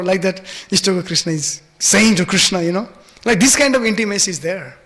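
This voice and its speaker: A man's voice: high voice, brisk, fairly bright tone. A man giving a devotional scripture class in a temple hall, telling stories with many fillers and acting out the voices.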